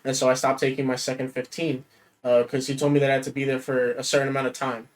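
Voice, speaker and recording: Hesitant man, mid-pitch casual talk. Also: flat delivery, quick pace. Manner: hesitant, many "like" fillers. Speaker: podcast co-host. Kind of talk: casual chat.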